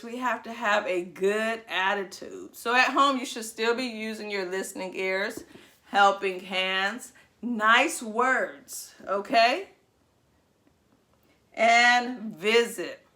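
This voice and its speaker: Slow, bright-voiced preschool teacher woman. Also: medium pitch. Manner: slow, sing-song, encouraging teacher talk. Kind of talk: video lesson for young children.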